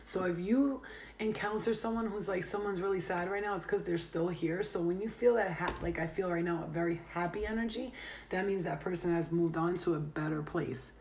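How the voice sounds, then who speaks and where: A woman's voice: fairly low pitch, fairly quick, darkish tone, slight background noise. A woman giving a casual, rambling tarot reading, full of "like" fillers. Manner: rambling, chatty, heavy on "like" fillers. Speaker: tarot reader. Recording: roomy echo.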